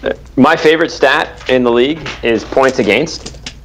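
A man's voice: medium pitch, moderate pace, a bit bright, slight background noise. A man co-hosting a podcast in casual chat, rambling with many fillers. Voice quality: rambling filler-heavy delivery. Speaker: podcast co-host.

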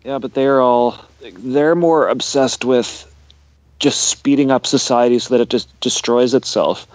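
A man's voice: medium pitch, measured pace, dry recording. A man co-hosting a podcast in casual chat, thinking aloud and restarting his sentences. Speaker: podcast co-host.

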